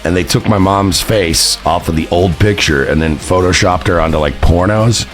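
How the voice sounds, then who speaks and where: A man's voice: deep voice, normal speed, soft background music. A man hosting his own stream, rambling and mocking with heavy profanity and lots of fillers. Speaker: streamer and show host. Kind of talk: casual stream commentary.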